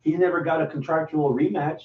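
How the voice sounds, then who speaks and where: A man's voice: fairly high pitch, fairly even intonation, fairly quick. A man co-hosting a podcast in casual wrestling chat, laid-back and asking the others questions. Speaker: podcast co-host. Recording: roomy, distant, dull with faint noise.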